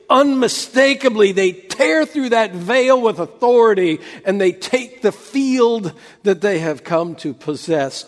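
A man preaching a sermon as pastor, building dramatically and then dropping to a near hush. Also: very high voice, long reverb tail.

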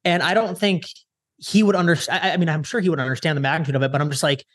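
A young man from the Chicago area, a social media strategist, telling a story casually in an interview with lots of quick retellings and restarts. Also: fairly high pitch, no room sound, clean studio sound. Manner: animated, lots of "I'm like" retellings, fast restarts.

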